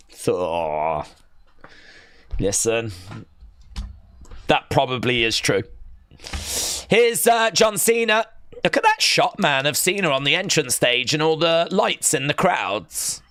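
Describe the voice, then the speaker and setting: An excitable young man, hosting a live watch-along stream, chatting, chanting and reading out viewer comments. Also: medium pitch, smooth, no echo, clean studio sound. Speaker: livestream host.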